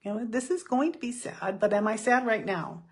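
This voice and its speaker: A middle-aged woman giving a chatty motivational talk, self-deprecating and quick to laugh. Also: on the high side, breathy edge. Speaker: speaker.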